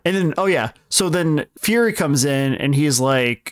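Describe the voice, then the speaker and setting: A man's voice: on the high side, expressive, unhurried, hardly any pauses, clean tone, no room sound, studio quality. A young man co-hosting a casual podcast, recapping a story at length in a rambling, self-correcting way. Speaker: podcast co-host explaining films.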